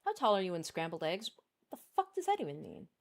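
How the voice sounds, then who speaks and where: A woman's voice: on the low side, huge pitch swings, fast. A woman streamer chatting casually and candidly, rambling with lots of fillers.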